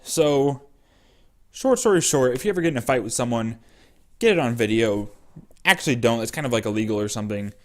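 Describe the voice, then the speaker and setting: A man's voice: medium pitch, animated, fairly quick. Rambling young man telling a story. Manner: rambling with many fillers. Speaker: vlogger. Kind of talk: casual storytelling.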